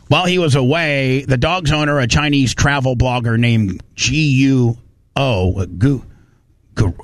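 A man on a podcast, retelling a video story in casual chat, excitable, repeating words and stumbling through restarts. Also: medium pitch, dry recording, clean studio sound.

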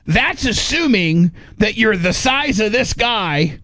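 A man's voice: sits high, slow, dry recording. Middle-aged man, radio host, casual storytelling, acts out his inner voice, lots of restarts, dry close sound. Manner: animated, acts out his own panicked inner voice; frequent restarts and filler "like".

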